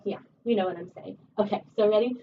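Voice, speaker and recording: A woman voice teacher giving a one-on-one singing lesson, chatty and encouraging, her voice a little rough from a recent cold. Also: medium pitch, fast. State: recovering from a cold. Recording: distant, dull camera audio with faint hiss.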